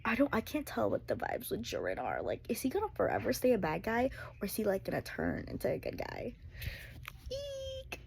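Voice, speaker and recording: A young woman chatting casually in a reading vlog, excitable and gushing, with lots of "like". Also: medium pitch, fast talker, gravelly, few pauses, slight background noise. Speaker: book vlogger.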